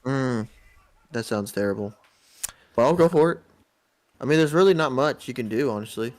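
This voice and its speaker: A man's voice: mid-range voice, expressive, normal speed, a little mellow. A man co-hosting a casual wrestling podcast, mostly chiming in with short, dry remarks. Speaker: podcast co-host.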